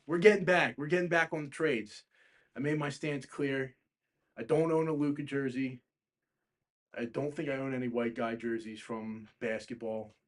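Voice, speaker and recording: A young man hosting a casual livestream about basketball trades, rambling, swearing often and getting heated and loud. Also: mid-range voice. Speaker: stream host.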